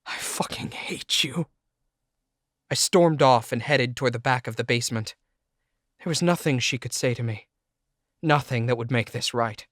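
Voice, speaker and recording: Close to the mic and without echo, a man narrates a first-person audiobook from a script. His medium-pitched voice moves at a moderate pace, and his reading is intense and emotional.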